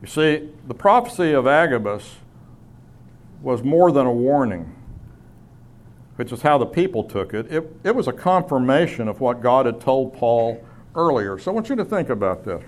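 A man's voice: mid-range voice, big pitch swings, moderate pace. A man preaching a sermon, teaching in a conversational way with asides and small self-corrections. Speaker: pastor.

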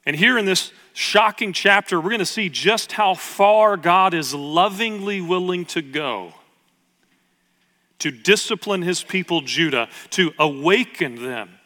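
A man in his thirties, a pastor telling a family story in a conversational sermon with emphatic pauses. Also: high voice, sharp tone. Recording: long reverb of a church hall.

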